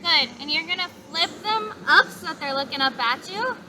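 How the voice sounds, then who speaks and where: A young woman with a bright, high voice leads a gentle yoga class outdoors, calmly cueing each breath and stretch with steady encouragement. Traffic and open-air noise sit clearly behind her. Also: normal speed. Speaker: yoga instructor. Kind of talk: guided yoga class instruction. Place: outdoors in a park.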